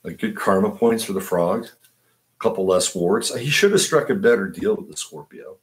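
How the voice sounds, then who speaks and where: A man's voice: on the low side, lively intonation, moderate pace. A man hosting an astrology livestream, talking conversationally and often tossing in a rhetorical "right?". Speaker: astrologer host. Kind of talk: livestream talk.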